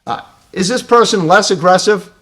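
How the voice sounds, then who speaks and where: A man's voice: high voice, normal speed, fairly bright tone. A man giving a live training talk on crisis intervention, asking the audience questions and tagging his points with "right?".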